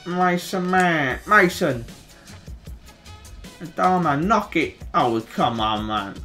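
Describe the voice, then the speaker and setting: A young man with a Birmingham accent giving excitable, chatty play-by-play commentary on a football video game, groaning and shouting at near misses. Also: a little high, slow pace, soft background music. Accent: Birmingham English. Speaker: gaming YouTuber.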